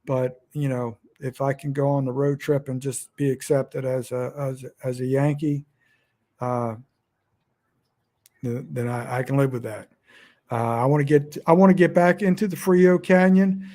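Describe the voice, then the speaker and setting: A man's voice: medium pitch, fairly even intonation, a little slow, dark tone. A middle-aged man from Delaware with a Northern US accent, rambling casually and self-deprecatingly to his phone's front camera at home. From Delaware, USA. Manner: meandering, self-deprecating, frequent restarts. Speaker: outdoors vlogger. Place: at home indoors.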